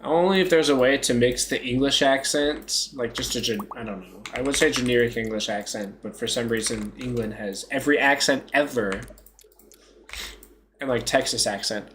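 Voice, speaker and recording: A young man keeps up a loose, joking stream chat, often laughing at himself. His pitch sits in a middle range, and a faint hiss hangs under the voice. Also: normal speed, fairly bright tone. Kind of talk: casual live-stream chat.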